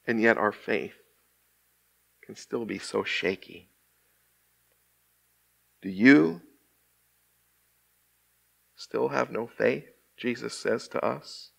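Slow, emphatic male preacher. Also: medium pitch, vocal fry. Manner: slow, emphatic preaching with dramatic pauses and hushed drops. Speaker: associate minister. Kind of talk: sermon. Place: church sanctuary.

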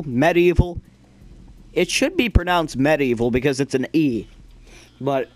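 A young man giving casual gameplay commentary as a gaming YouTuber, joking and rambling, then shouting at the game. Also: on the high side, dry recording.

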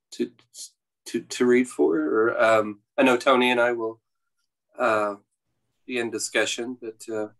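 A man, the author, introducing and reading aloud from his novel at a public library event, pausing with fillers as he talks. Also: on the low side, poor audio. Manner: halting, many fillers and restarts before reading.

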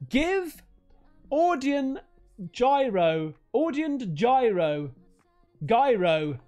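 Guy streamer, lively up-and-down delivery, excitable and sweary, faint music underneath. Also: very high-pitched, drawn-out words, pauses often. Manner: excitable, sweary, calls everyone mate. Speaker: livestreamer. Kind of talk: live stream, thanking donors and unboxing gifts.

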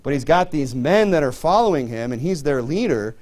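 A man's voice: a little high, expressive, brisk, darkish tone. A middle-aged man preaching a sermon to his church in a conversational way, full of "you know" fillers. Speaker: pastor.

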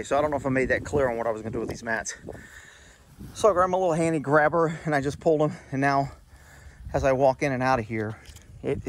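A man's voice: mid-range voice, a little hiss or hum. Chatty man explaining his horse paddock. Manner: chatty, explains step by step, scolds pets playfully. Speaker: horse owner vlogger. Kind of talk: casual outdoor vlog.

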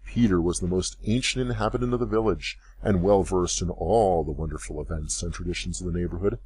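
A man reading a classic story aloud as narrator, in measured storytelling. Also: sits low, a little mellow, a little hiss or hum. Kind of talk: scripted audiobook narration.

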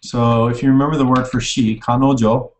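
A man's voice: medium pitch, little pitch movement, a little fast, a little hiss or hum. A man giving an informal recorded language lecture, speaking casually and correcting himself as he goes while typing. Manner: casual, self-correcting, types while explaining. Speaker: online language teacher. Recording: echoey room, mic at a distance.

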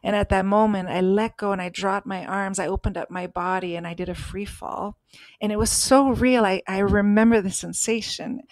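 A woman's voice: medium pitch, steady tone, normal speed, no room sound. A woman co-hosting a podcast, telling a personal story in an earnest, emphatic way. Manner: earnest, emphatic, acts out voices in stories. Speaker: podcast co-host.

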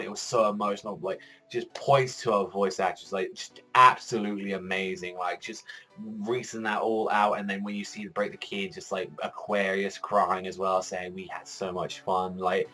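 Young guy hyped up reviewing anime, kinda low voice, says like a lot, curses, faint music behind. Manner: excitable, rambling, heavy filler "like", swears freely. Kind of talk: casual reaction review.

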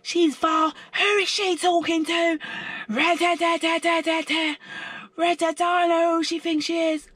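A shrill, shrieking young woman hurls insults and repeats herself over and over, as a man puts her on in his retelling. Her voice sits far above the storyteller's usual pitch and cuts hard and bright, with a close, dry sound. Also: flat delivery, unhurried, no echo. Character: furious screaming young northern English woman.

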